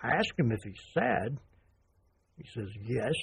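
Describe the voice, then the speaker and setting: A stern old grandfather, played by a man, speaks in a raspy voice that rises and falls a lot. He sets rules in a firm, lecturing tone, pausing and restarting as he goes. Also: medium pitch, big pitch swings, full character voice. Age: older. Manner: halting, then firm and lecturing.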